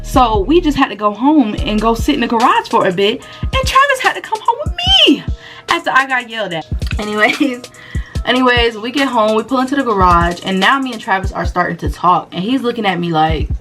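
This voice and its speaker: Young woman, animated storyteller, slangy and laughing, faint music behind. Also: fairly high pitch, brisk. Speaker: vlogger and small shop owner. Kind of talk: casual storytime.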